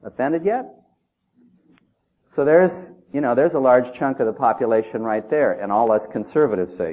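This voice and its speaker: A man's voice: mid-range voice, moderate pace. Man, preacher, sermon, emphatic, conversational, rhetorical questions, tinny phone-like sound.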